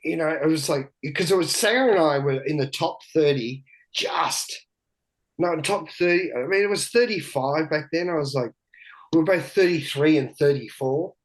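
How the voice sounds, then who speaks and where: A man's voice: on the high side, moderate pace, low-quality recording. A middle-aged man, a podcast guest telling candid stories loosely, swearing freely and often laughing as he talks. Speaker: podcast guest, big wave surfer. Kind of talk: candid storytelling in casual conversation.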